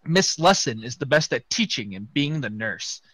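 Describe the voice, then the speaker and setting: A man reading a fan story aloud for laughs, jumping into loud voices for the characters. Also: mid-range voice, big pitch swings, normal speed, no echo. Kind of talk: comedic dramatic reading.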